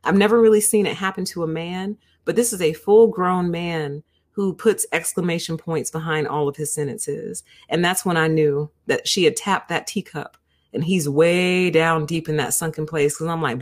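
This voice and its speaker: Lowish-voiced woman rambling to her chat, casual and chatty, talks right to viewers. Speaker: host of a book review show. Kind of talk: casual livestream commentary.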